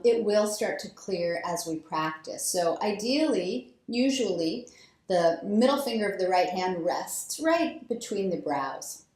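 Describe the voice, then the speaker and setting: Yoga teacher lady talking you through breathing, calm and slow, kinda echoey room. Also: mid-range voice. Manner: calm, slow guiding cues, growing softer. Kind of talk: guided breathing instruction. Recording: roomy echo.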